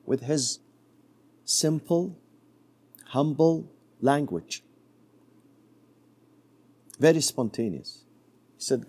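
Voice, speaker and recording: A middle-aged man preaching a sermon, telling a story and dropping to a soft low voice for quoted words. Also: animated, takes it slowly, pauses often, breathy edge.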